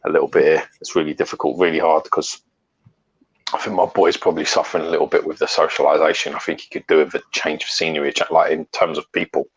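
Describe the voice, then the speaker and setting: Deep-voiced sweary man, lo-fi. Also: level tone, quick pace, breathy edge. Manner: sweary, storytelling, laughs often. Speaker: co-host. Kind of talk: casual chat.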